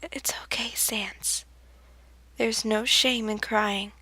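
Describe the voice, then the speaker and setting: A woman voicing a frightened, tearful human child who pleads in a high, strained voice. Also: steady tone, takes it slowly, sharp tone, slightly rough, no room sound, heavily acted. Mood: soothing.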